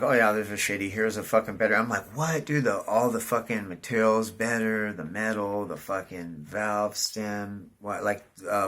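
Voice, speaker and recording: A middle-aged man telling a rambling, profane story, saying "dude" constantly and jumping up loud when excited. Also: lowish voice, vocal fry. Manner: animated, voice jumps up in excitement. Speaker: vlogger. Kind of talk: casual storytelling monologue.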